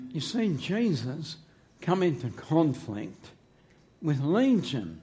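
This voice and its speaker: A man's voice: fairly high pitch, sing-song, takes it slowly, warm tone. A man preaching a sermon in church into a microphone, emphatic and humorous, drawing his phrases out. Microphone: handheld microphone.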